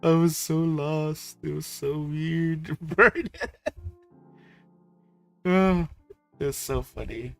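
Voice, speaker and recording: A man from the Philippines chatting casually with his viewers about trip photos, excitable, swearing and laughing often. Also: a little high, slow, soft background music. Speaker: streamer host.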